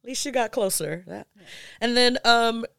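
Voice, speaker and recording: A woman's voice: on the high side, moderate pace, gravelly, fairly bright tone, no echo, studio quality. A woman co-hosting a casual basketball podcast, chatty and laughing often, with many fillers. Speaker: podcast co-host. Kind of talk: casual chat.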